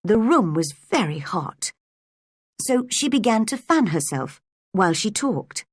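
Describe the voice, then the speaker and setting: A woman narrating a storybook aloud in a slow, expressive reading. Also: medium pitch, slightly rough, no room sound, clean studio sound. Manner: lively, expressive.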